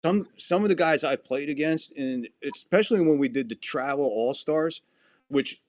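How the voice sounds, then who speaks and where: At normal speed and with a slightly high voice, a man hosts a podcast with no room sound. He spins casual stories, swearing heavily and animatedly voicing the quotes.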